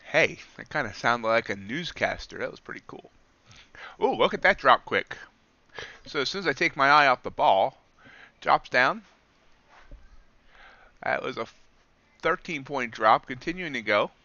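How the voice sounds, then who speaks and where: A man talks through his trades live, thinking aloud and greeting viewers by name. His voice is very bright and forward, and a dull, lo-fi stream recording takes the edge off the sound. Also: medium pitch, expressive, unhurried, long pauses, no echo. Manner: reads news aloud in an announcer tone. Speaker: livestream trader. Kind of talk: casual live-stream commentary.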